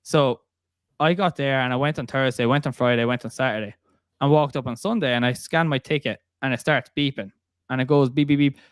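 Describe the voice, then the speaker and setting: A young man with an Irish accent hosts a casual podcast, telling stories with easy laughter. His voice is smooth and resonant, recorded close and dry with no room sound. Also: mid-range voice, steady tone, fairly quick, dry recording. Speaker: podcast host. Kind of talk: casual podcast chat, storytelling.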